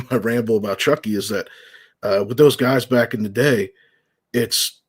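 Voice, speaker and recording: A man's voice: mid-range voice, normal speed, husky. A man as a guest in a casual chat, talking in an easygoing, rambling way with many fillers. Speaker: guest, horror recap creator.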